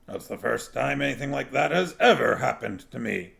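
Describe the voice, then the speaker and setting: A man's voice: medium pitch, animated, moderate pace, gravelly, a bit bright. A man reading aloud, voicing Bjorn, a newly dead male dwarf, in a plain, mildly puzzled way. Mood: bewildered. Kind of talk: audiobook reading.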